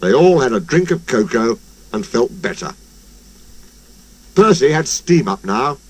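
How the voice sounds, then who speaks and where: Brief: male storybook narrator, unhurried, wildly expressive pitch, soft music behind. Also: husky. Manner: slow, very animated storytelling.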